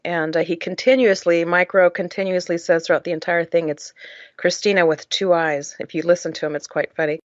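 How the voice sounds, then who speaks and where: Woman guest, low voice, emotional and earnest, lots of uh fillers, dull dry lo-fi sound. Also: steady tone, quick pace, few pauses, no room sound. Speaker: podcast guest, charity founder. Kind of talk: personal storytelling.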